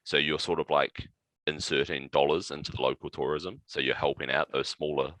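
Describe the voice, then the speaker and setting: Casting: very deep, bright-toned New man, casual podcast storyteller, dry close mic. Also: a little fast, no room sound, poor audio. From New Zealand. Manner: animated anecdote-telling with profanity and laughs. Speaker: podcast guest.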